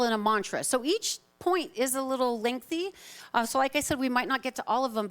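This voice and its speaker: Chatty woman minister, slightly high voice. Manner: chatty, informal, self-deprecating. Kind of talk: live Sunday talk. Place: spiritual center sanctuary, live congregation.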